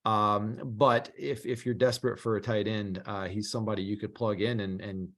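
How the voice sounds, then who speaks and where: A man's voice: lowish voice, fairly even intonation, normal speed. Chatty young man on a sports podcast. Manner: chatty, laughs often, many fillers and restarts. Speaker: podcast co-host. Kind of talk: casual sports podcast chat.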